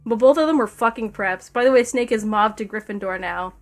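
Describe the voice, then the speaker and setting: Higher-voiced woman reading fanfic aloud. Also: fairly quick. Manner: breaks off laughing, wry asides. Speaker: streamer.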